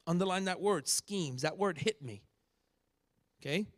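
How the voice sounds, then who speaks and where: A man preaching a sermon, teaching from scripture and acting out sharp rebukes with rising shouts. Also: high-pitched, expressive, unhurried, pauses often. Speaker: pastor.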